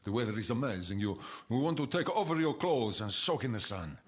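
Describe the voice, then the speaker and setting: A woman voicing a sultry male Italian charmer, murmuring seductively in a deep breathy voice. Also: lively intonation, very fast. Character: sultry smooth-talking Italian tourism pitchman. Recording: noisy live radio recording.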